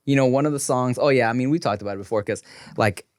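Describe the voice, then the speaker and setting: A man in his thirties co-hosts a podcast, chatting casually in a laid-back, slangy style and laughing a lot. His mid-range voice moves fast, and the recording is studio quality with no room sound.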